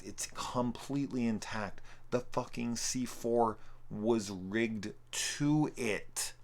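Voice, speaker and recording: A man's voice: low voice, fairly bright tone. A man giving casual film commentary, profane, sarcastic and rambling. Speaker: film reviewer.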